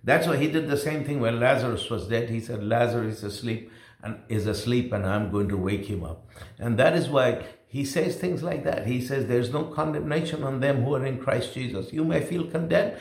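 A man preaching a sermon, repeating phrases emphatically, swinging between loud exclamations and quiet asides. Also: medium pitch, animated, moderate pace, vocal fry. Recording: roomy echo.

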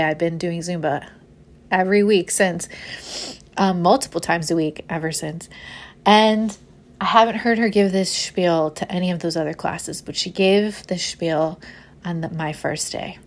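Young adult woman, casual podcast host, animated storyteller with frequent laughs. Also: on the low side.

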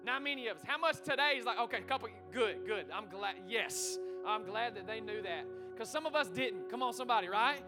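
A man preaching a lively interactive sermon, calling out to the congregation and talking quickly and chattily. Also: high-pitched, music in the background. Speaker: pastor. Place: church sanctuary.

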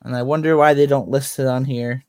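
A man's voice: mid-range voice, steady tone, a little fast, a little mellow, no echo, studio quality. A man co-hosting a casual podcast, rambling and restarting as he explains. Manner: rambling, repeats words and restarts. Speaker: podcast co-host. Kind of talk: casual chat.

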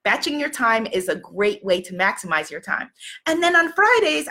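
A woman's voice: medium pitch, bright, forceful tone. A woman business coach chatting casually to her audience, rambling with many fillers and restarts.

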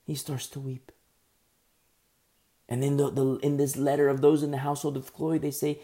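A man preaching a sermon, retelling scripture as a lively, conversational story with asides to his listeners. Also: medium pitch, normal speed, pauses often.

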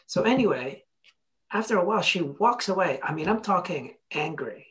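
A motivational speaker works through stories during a podcast chat, delivering them bluntly and with energy while voicing both people in remembered exchanges. Casual swearing is sprinkled throughout, and the voice sits mid-range at a normal pace.

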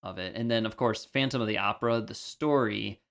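Gravelly dude cohosting a podcast, jokey casual chat. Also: male voice, fairly low pitch, a little fast, fairly bright tone. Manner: jokey, laughs often. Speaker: podcast co-host.

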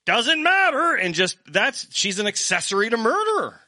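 A man's voice: high voice, wildly swooping pitch, moderate pace, bright, forceful tone, no room sound, clean studio sound. A man co-hosting a casual podcast, arguing his point insistently and swearing casually. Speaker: podcast co-host.

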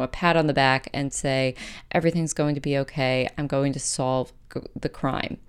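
A woman podcast host reading her own essay aloud and then chatting about it, with a measured, gentle delivery. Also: low voice, clear, resonant tone.

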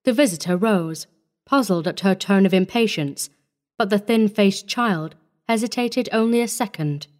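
A woman narrates a classic short story in a measured, even manner, with a mid-pitched voice. Her delivery is steady and clear, in the way of an audiobook reading.

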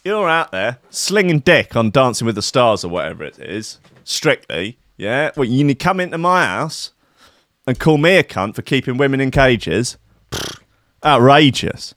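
A man's voice: medium pitch, sing-song, moderate pace, fairly bright tone, dry recording. Guy ranting and swearing, really up-and-down voice, dry close mic. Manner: sweary, rambling, sardonic. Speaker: podcast host. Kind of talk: casual comedic monologue.

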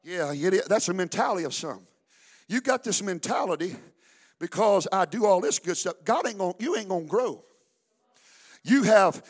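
A male pastor, preaching a fervent sermon that builds to shouts. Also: high voice, breathy edge.

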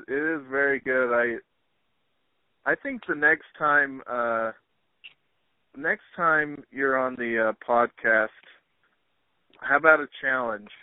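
This male podcast host has a mid-range voice and chats casually, leaning on plenty of fillers. The sound is dry and narrow, like a phone line.

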